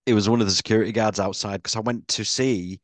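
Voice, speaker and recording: British man, podcast co-host, low voice, dry close sound, casual swearing chat. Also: fast talker, dry recording. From Britain. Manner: swears a lot, animated storyteller.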